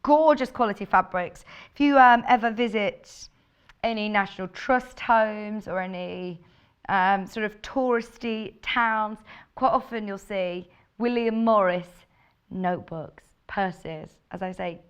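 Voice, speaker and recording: A woman's voice: medium pitch, measured pace, clear, resonant tone. A woman presenting fabrics live on a shopping channel, chatty and gushing as she reads out viewer messages. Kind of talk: live on-air product presentation.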